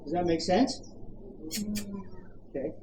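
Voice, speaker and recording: Australian dog trainer, firm quick commands, recorded from afar with a noisy outdoor background. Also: medium pitch, expressive. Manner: brisk commands mixed with coaching questions. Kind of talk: hands-on dog training coaching. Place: outdoors at a campground. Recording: echoey, distant, noisy outdoor ambience.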